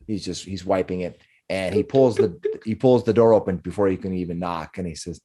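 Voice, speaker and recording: A man's voice: low voice, fairly quick, mellow, slightly rough. A man narrating as game master of a tabletop game, rambling with frequent restarts.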